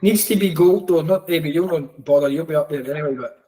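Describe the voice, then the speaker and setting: A Scottish man co-hosting a running podcast, excitable and repeating his points. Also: fairly high pitch, fast, low-quality recording. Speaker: podcast co-host. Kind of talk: casual chat.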